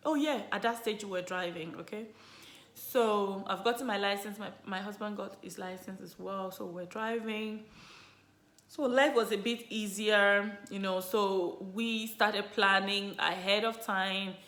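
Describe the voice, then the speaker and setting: A woman vlogger casually telling viewers her story, chatty and animated, full of "you know" and "like". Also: medium pitch, a little slow. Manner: animated, lively retelling. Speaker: vlogger, mother sharing her birth story. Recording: roomy echo.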